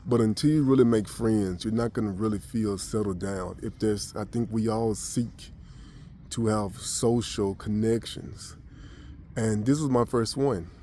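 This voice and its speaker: A man's voice: lowish voice, a little slow, dark tone, slight background noise. An American man vlogging, telling a personal story casually with many restarts and fillers. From United States.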